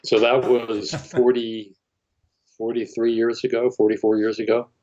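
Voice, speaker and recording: An older man, a guest in an interview, telling a long anecdote in a halting way, full of fillers and restarts. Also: mid-range voice, flat delivery, dark tone. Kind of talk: anecdotal storytelling. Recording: muffled lo-fi audio.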